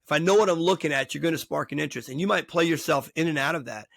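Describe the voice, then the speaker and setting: A middle-aged man hosts the talk, a coach spinning long stories and slipping into the voices of players and scouts. His voice sits a bit high with a gravelly edge. The sound is dry and close. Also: rapid-fire, dry recording. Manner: animated storyteller acting out quoted dialogue. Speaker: podcast host and baseball coach. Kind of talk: storytelling in casual interview chat.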